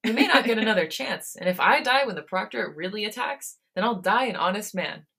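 A woman's voice: medium pitch, lively intonation, a little fast, gravelly, bright, forceful tone, breathy edge, voice pushed up, full character voice. A woman voicing a blunt young man, scared underneath and short-spoken, in a fan fiction read aloud. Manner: blunt, clipped.

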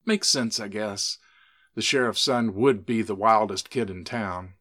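A man reading the lines of a wary, sharp-tongued young woman in a spoken story. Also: lowish voice, unhurried. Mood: forced light.

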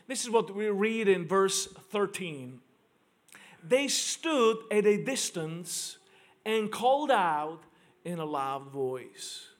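A man's voice: high-pitched, animated, slow pace. A man preaching a sermon to a congregation, emphatic and repeating key lines for stress. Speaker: pastor. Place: church service in front of a congregation.

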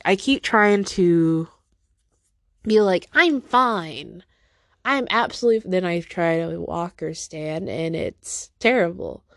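Slow-talking teary woman podcaster. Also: fairly low pitch, no room sound, clean studio sound. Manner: rambling, self-deprecating, talks to her cat. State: teary after crying. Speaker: podcast host. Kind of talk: casual solo monologue. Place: at home with her cat.

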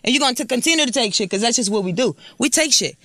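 A woman's voice: a little high, animated, racing, pushed and bright, no echo. A woman in her thirties from Puerto Rico with a Puerto Rican accent, talking bluntly and profanely as a guest in a casual interview. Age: 30s.

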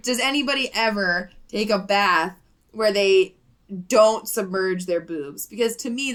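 A woman's voice: mid-range voice, a bit bright. A woman co-hosting a podcast over a video call, chatting in a rambling, candid way and laughing often. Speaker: podcast co-host. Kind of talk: casual chat.

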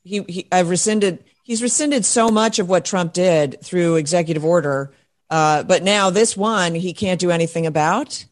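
A woman's voice: lowish voice, moderate pace. A woman hosting a talk radio show, speaking emphatically and forthrightly as she interviews guests. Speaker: host.

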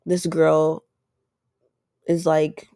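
Gravelly-voiced woman telling a rambling storytime. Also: sits low, little pitch movement, drawn-out words, warm tone, no room sound, studio quality. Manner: rambling, heavy use of "like", acts out quoted dialogue. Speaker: podcast host. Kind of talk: casual storytime monologue.

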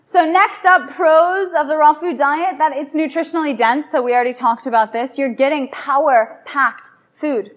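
A woman's voice: high voice, fairly bright tone. A woman giving a live evening lecture to an audience, chatty and playful, often putting questions to the listeners. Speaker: lecturer on raw food and yoga.

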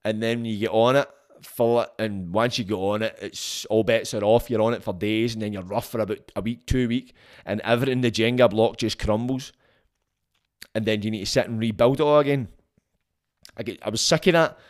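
A man's voice: lowish voice, brisk. A man hosting a solo podcast, talking casually in a blunt, frank way and swearing freely. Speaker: podcast host.

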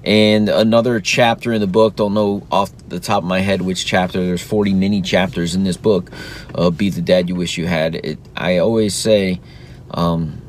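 With a slightly low voice and a faint rumble underneath, a podcast host in his thirties reflects casually on bringing up his son. He's earnest and encouraging, and at times mimics the sing-song praise he gives his toddler.

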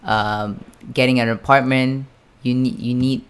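A young man from Japan with a smooth, clear voice tells a long, meandering story to a friend. He leans hard on fillers and keeps checking in with his listener. He drops a curse word here and there. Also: mid-range voice, steady tone, unhurried. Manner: rambling, filler-heavy, sprinkled with swearing. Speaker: storyteller in a casual chat. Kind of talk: casual chat.

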